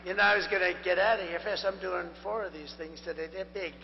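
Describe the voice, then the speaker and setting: Hoarse older man, rambling rally speech. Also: high voice, fairly even intonation, fast. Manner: rambling, repetitive and digressive. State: hoarse, strained voice. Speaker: political candidate. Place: large rally venue. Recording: echoey lo-fi venue sound with mains hum.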